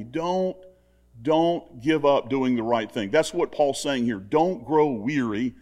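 An older man delivers a sermon in an earnest, conversational way, circling back to the same simple points again and again. His voice sits at an ordinary pitch for a man, neither high nor low. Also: unhurried, darkish tone. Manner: earnest, conversational, repetitive exhortation. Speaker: preacher.

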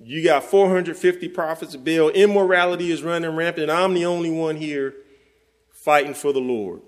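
A male preacher delivering a sermon in a relaxed, conversational way, with a voice pitched a bit high for a man. He slows down and weighs each word when reading scripture aloud. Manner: conversational, speaks directly to listeners; reads scripture slowly and deliberately.

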